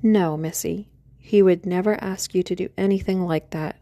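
A woman reading an audiobook, voicing a gentle father who tenderly reassures his daughter. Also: on the low side, fairly even intonation, moderate pace, no echo, close to an everyday voice. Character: gentle loving middle-aged father.

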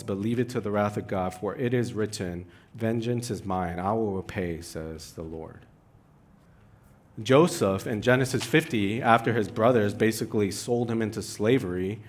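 A man preaching a sermon, who swings from loud, urgent pleading to quiet, hushed asides. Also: fairly low pitch. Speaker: pastor.

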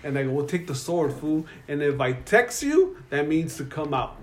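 A young man, telling a profane, animated story as a podcast co-host. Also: a little high, normal speed, a little hiss or hum. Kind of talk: casual storytelling.

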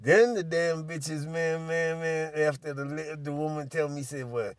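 Older man, casual storyteller, profane and animated, slightly high voice. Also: a little slow, dry recording, studio quality.

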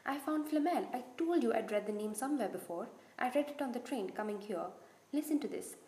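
A woman's voice: a little high, lively intonation, fairly quick, roomy sound. A woman voicing an earnest young teenage boy. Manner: earnest, hushed at times.

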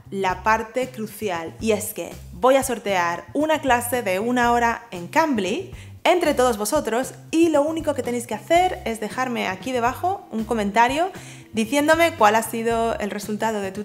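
Lively woman hosting a language lesson. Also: on the high side. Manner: lively, playful quiz-style prompts. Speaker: host.

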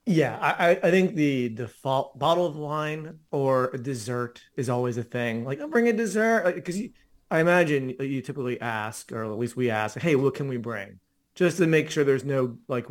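A man co-hosting a casual chat podcast, talking conversationally with frequent filler words. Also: medium pitch. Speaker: podcast co-host.

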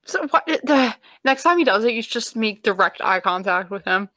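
Young woman, casual chat, bright lively voice, blunt, wry. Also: a little high, brisk, dry recording. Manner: blunt, wry, frequent swearing.

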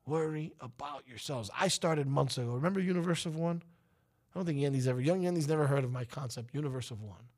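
A man's voice: a little high, fast, a little mellow. A man hosting a talk show, delivering an emphatic, preachy opinion monologue that rises to outbursts. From United States.

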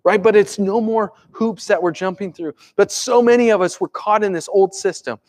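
A male pastor delivering a sermon in a conversational way, moving between lively emphasis and hushed, soft asides. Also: sits high, moderate pace.

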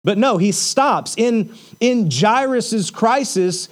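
A man's voice: sits high, lively intonation, slow. A man preaching a sermon in a conversational way, asking rhetorical questions and using casual fillers. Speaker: pastor.

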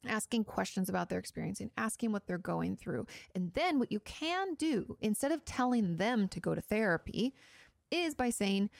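Woman therapist, casual advice talk, gravelly fry, dry close sound. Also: medium pitch, expressive, moderate pace, dry recording. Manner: chatty and explanatory, many fillers like "you know". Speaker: therapist answering viewer questions.

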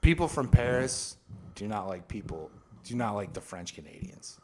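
A man's voice: on the low side, moderate pace, heavy background noise. A man co-hosting a casual podcast, retelling history with acted-out quotes and plenty of swearing. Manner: animated storyteller, acts out what people said, swears a lot. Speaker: podcast co-host. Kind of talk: casual storytelling chat.

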